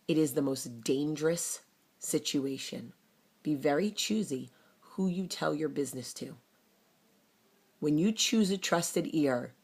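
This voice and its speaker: A woman, telling a personal story to camera in a blunt, fiery, animated way. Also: low voice. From New Jersey. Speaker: vlogger. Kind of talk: casual talk to camera.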